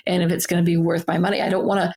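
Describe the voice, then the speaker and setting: A woman in her forties co-hosting a podcast, chatty and easygoing, thinking out loud in a casual conversation. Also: fairly low pitch, flat delivery, rapid-fire, breathy edge. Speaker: podcast co-host, business owner.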